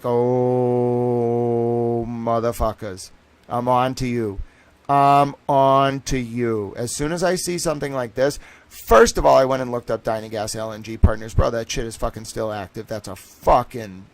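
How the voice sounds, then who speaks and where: A man talking in a casual livestream monologue, rambling and self-assured, swearing often and jumping between thoughts. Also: mid-range voice. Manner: restless, with many fillers and restarts. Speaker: streamer and citizen investigator.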